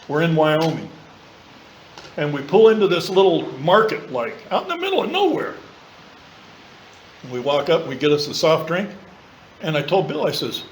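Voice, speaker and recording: A man speaking at a recovery meeting, telling his story in a blunt, colloquial way with some swearing and quick impressions of other people. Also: a little high, slight background noise, low-quality recording. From southern California. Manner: mimics voices of others in quoted lines. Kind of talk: personal recovery talk. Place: meeting room.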